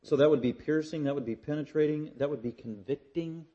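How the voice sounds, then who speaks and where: A male preacher working through scripture in a sermon. His voice is warm and mellow and sits slightly high for a man. He builds emphasis through repetition, rising to forceful declarations and falling back to quiet reflection. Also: a little fast, muffled recording. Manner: emphatic, building repetition, swings from loud to hushed. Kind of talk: expository sermon.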